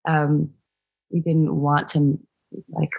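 A woman's voice: deep voice, little pitch movement, slow pace, gravelly, darkish tone, slightly rough. A woman musician, a guest on an interview podcast, telling her story in a hesitant, reflective way. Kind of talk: conversational interview.

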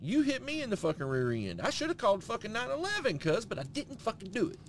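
A middle-aged man chatting on a podcast, his voice riding a lively, animated swing. He tells his story with constant swearing, a touch higher than most men. A faint background hiss sits under the recording. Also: fast talker. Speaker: podcast co-host. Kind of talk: casual profane chat.

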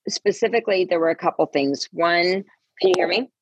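A middle-aged woman, a guest on a call interview, telling stories with animated quoted voices. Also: fairly low pitch, a little fast, husky, no echo. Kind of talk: casual interview storytelling. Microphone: earbud.

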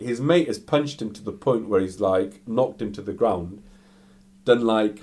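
Low-voiced man, animated casual storyteller. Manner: animated, full of "like" fillers.

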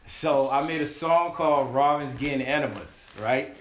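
A man's voice: mid-range voice, moderate pace, slight background noise. A man telling a story in a casual chat, acting out the voices of the people in it and swearing freely. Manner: animated, acts out voices in quotes, swears freely. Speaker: podcast guest telling a story. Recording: echoey room.

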